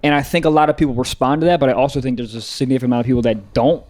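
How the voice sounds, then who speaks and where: A man's voice: medium pitch, very fast. A man co-hosting a comedy podcast, chatting casually with crude jokes and frequent laughter. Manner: crude, excitable, laughs often.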